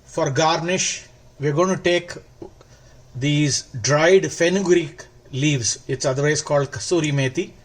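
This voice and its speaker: A man hosting a cooking video, explaining each step slowly and warmly praising the food. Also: on the high side. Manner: slow, instructive, gently enthusiastic. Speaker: cooking show host. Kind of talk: cooking demonstration.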